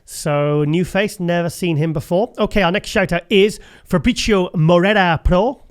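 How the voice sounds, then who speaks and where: Male host, higher pitch, loose rambling chat with frequent laughs. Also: moderate pace, clean tone. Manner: chatty, rambling, laughs often. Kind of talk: casual show commentary.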